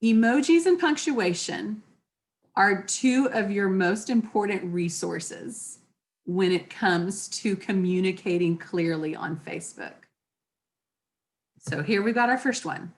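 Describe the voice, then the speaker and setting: A woman leading a small class, talking in a loose, chatty way. Her voice sits at an ordinary middle pitch. Now and then she acts out phrases in shifting tones to show how they can be read. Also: slow, long pauses. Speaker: class leader. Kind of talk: casual classroom teaching. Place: class session with participants.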